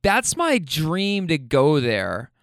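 A man voicing a tipsy, giddy young woman passenger in a high, drawn-out falsetto. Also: huge pitch swings, gravelly, fairly bright tone, no echo, studio quality, exaggerated voice. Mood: dreamy.

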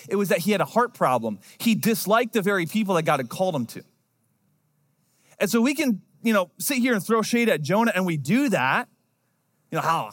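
A man's voice: high voice, fairly bright tone. A man preaching a sermon in a conversational, storytelling way, acting out quotes as he goes. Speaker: pastor.

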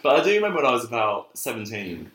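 A man's voice: mid-range voice, very animated, fast, fairly bright tone, a little hiss or hum. A man co-hosting a casual comedic chat, chatty and playful, giggling often. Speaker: co-host. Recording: echoey room.

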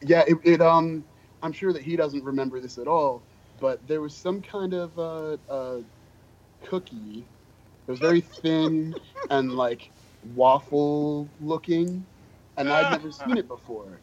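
A man's voice: on the high side, measured pace. Podcast guest: man with a slightly raised voice, chatty self-deprecating storyteller, muffled lo-fi recording. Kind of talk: casual storytelling. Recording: dull, lo-fi podcast audio.

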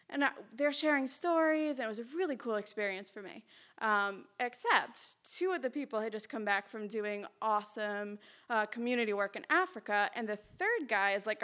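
A woman telling a personal story at a live storytelling event, chatty, lively and self-mocking, on a stage mic in a small hall. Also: medium pitch.

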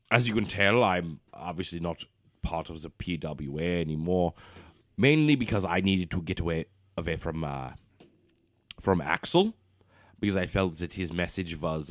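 A low-voiced man gives sweeping, lecturing speeches in character at a tabletop game. His pitch swings widely as he preaches. The sound is dry and close. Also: dry recording. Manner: grandiose, lecturing revolutionary speeches. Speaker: player. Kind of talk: in-character tabletop role-play.

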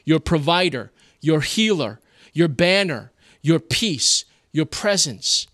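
A man voicing God as a calm, reassuring divine presence, speaking slowly and softly. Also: on the high side, no echo, studio quality. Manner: slow, soft, solemn.

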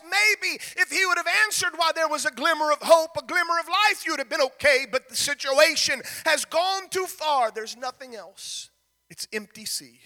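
A male pastor preaching a sermon, rising into shouted, sing-song cadences. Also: extremely high pitch, normal speed, big-room sound.

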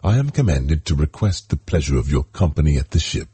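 A man's voice: extremely low pitch, very animated, brisk, dark tone, slightly rough, dry recording, heavily acted. A man reading the part of a courteous, stiffly formal army colonel.

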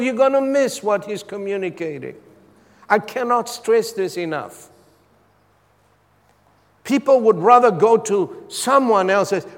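A man preaching a sermon as a pastor, asking his congregation for responses between points. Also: high-pitched. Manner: preaching with call-and-response asides. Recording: long hall reverb.

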